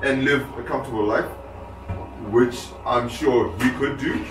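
A man's voice: mid-range voice, unhurried. Man from Zimbabwe, safari guide, easygoing, repeats himself, roomy sound, far from mic. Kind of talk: casual chat.

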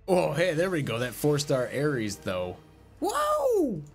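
A man streaming a mobile game, commentating his card pulls, swinging between excited hype and deflated mumbling. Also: mid-range voice, measured pace, gravelly, soft background music.

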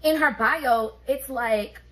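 A woman, telling a story on her vlog in an animated, profane, streetwise way. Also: sits high, slow pace, poor audio. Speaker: beauty vlogger.

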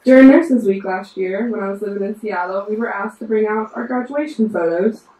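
A woman's voice: medium pitch, a little fast, mellow. A woman in her mid-twenties from West Virginia with a Southern accent, telling a wry, sassy story on stage. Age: mid-20s. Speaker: storyteller, nurse. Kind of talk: live storytelling performance. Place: live storytelling show at a bar venue. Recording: roomy live venue, mic far off.

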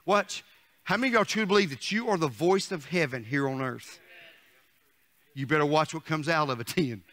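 Preacher guy, middle-aged, high voice all over the place, shouts then goes soft. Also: animated, moderate pace. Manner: fiery preaching with rhetorical questions to the congregation; swings from shouted declarations to soft asides. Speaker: pastor. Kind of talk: sermon.

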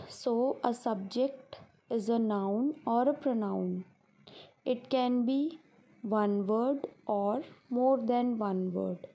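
A woman's voice: a little high, mellow. A woman teacher explaining grammar to a class step by step, repeating her examples.

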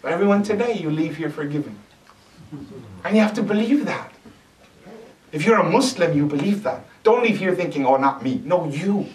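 A man's voice: a little high, moderate pace, pauses often. A man giving a sermon at a mosque, talking with animation and putting questions to his listeners. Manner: animated, asks the audience questions. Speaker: mosque lecturer. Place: mosque hall. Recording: echoey hall, distant mic.

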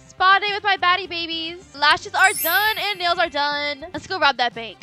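A young woman hosting a casual let's-play, talking in an excitable, dramatic and playful way. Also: high-pitched, fairly quick, few pauses, soft background music. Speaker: gaming channel host.

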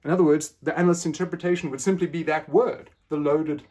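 A man's voice: on the high side, fairly even intonation, quick pace, a little mellow, slightly rough. A man lecturing in an academic style, playfully acting out quoted phrasings with questioning tones.

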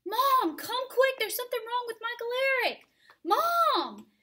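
A woman's voice: sing-song, a little slow, bright, forceful tone, exaggerated voice. A woman voicing a panicked little boy who screams for his mother in a storybook reading. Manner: shrill, frantic calling.

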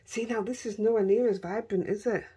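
A woman's voice: mid-range voice, fairly even intonation, fairly quick, mellow, breathy edge. A middle-aged woman with a Yorkshire accent chatting casually as she crafts, talking to herself and her dogs as she works. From Yorkshire, England. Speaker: craft vlogger.

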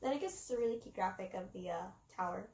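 Woman reading a kids book out loud, lively up and down voice, echoey room. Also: medium pitch, quick pace. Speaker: reader. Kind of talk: reading a children's book aloud. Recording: roomy echo.

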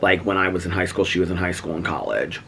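A middle-aged man from the United States vlogging about personal loss, speaking haltingly with many fillers and close to tears. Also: sits low, vocal fry, pushed and bright, a little hiss or hum. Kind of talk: emotional personal vlog talk.

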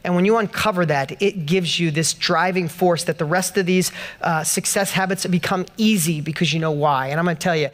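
A man's voice: sits high, brisk, fairly bright tone. A man giving a motivational speech to a live audience at an event, telling a personal story with passion and building to emphatic peaks. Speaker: motivational speaker. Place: event hall stage.

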